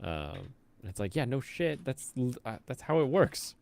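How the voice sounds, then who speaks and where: A man's voice: medium pitch, very animated, measured pace, vocal fry, darkish tone. A man hosting a casual reaction stream, sarcastic, laughing often and going off on rants. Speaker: stream host.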